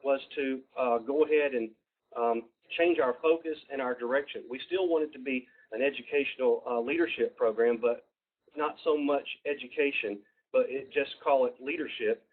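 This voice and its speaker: Southern man on a tinny phone line. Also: mid-range voice. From Georgia, US. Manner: folksy, halting, many fillers and restarts. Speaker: webinar presenter. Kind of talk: presenting a webinar over slides.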